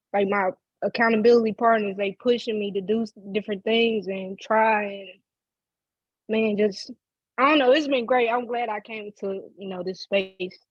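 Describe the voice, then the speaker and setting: A woman who is a member of the program, speaking haltingly about her experience on a video call. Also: medium pitch, dry recording. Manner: halting, searching for words. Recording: dull lo-fi call audio.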